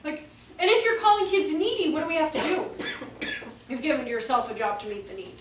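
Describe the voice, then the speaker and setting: A woman with a high, brisk voice leads a live workshop for teachers, telling chatty stories and performing quotes in different voices. It was recorded in an echoey room with an audience, using a distant mic, so faint ambience and slight background noise come through.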